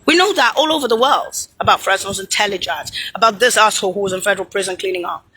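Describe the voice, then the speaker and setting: A woman's voice: medium pitch, quick pace, pushed and bright, husky, rough recording. A woman delivering an angry, profane, rambling monologue, hurling insults and pointing things out on screen. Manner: points at something on screen while talking.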